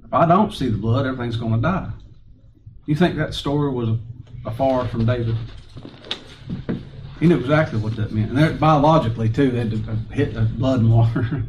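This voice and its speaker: A male preacher with a drawl delivers a folksy, conversational sermon full of rhetorical questions and soft chuckles. His voice sits in an ordinary middle range. It is picked up from some distance, with faint background noise. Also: mid-range voice, moderate pace, pauses often.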